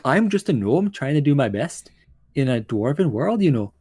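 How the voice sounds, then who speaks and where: A man's voice: medium pitch, sing-song, moderate pace, mellow, husky. A man voicing a small, nervous male gnome shopkeeper who stammers and slips into a put-on Scottish lilt. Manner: stammering, flustered, tries a Scottish accent.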